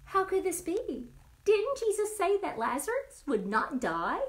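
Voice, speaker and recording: A woman's voice: very high voice, wildly swooping pitch, measured pace, voice pushed up, heavily acted. A woman reading a storybook, voicing a group of confused men asking incredulous questions. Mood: bewildered.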